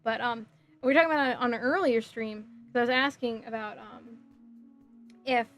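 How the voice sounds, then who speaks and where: Giggly New woman, fairly high. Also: fairly even intonation, normal speed, fairly bright tone, faint music behind. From New Jersey. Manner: giggly, scattered, answers chat messages aloud. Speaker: livestreamer building a model kit. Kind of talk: casual chat with stream viewers.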